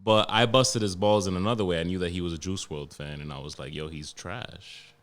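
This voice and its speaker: A young man from New York hosting a casual podcast chat, telling stories in a profane, animated way. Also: low voice, quick pace, smooth. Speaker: podcast host.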